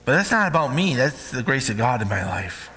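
A man's voice: medium pitch, sing-song, fairly quick, bright, forceful tone, in a large hall, slight background noise, rough recording. A man preaching a sermon with emphatic call-and-response questions to the congregation.

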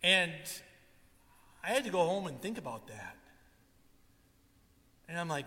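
A man's voice: a little high, measured pace, long pauses. A male pastor preaching a sermon, telling stories and acting out what people said. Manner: animated storytelling, acts out quotes. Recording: long hall reverb.

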